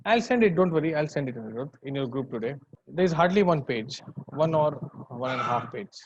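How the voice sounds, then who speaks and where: Indian english accent, male teacher, online lecture, higher voice, dry dull sound. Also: a little mellow, no room sound. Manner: conversational, mixes in Hindi words.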